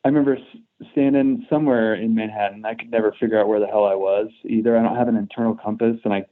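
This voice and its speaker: A man's voice: fairly low pitch, steady tone, fast, narrow, tinny audio. A man from Kansas, a musician guest on a podcast, telling stories in a rambling, profane, self-deprecating way with many restarts. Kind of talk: casual storytelling chat.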